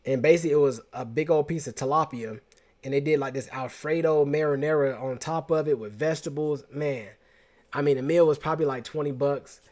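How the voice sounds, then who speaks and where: A man host telling a personal story in a casual, slangy, animated way, often restarting his sentences. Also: fairly high pitch, a little fast.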